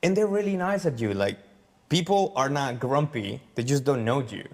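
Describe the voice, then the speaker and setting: A man in a relaxed conversation, lively and animated, slipping into little voices as he acts out quoted dialogue. His mid-pitched voice carries a long reverb tail from the room around him. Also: normal speed. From United States. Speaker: foreign resident interviewed in a clip. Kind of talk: casual conversation.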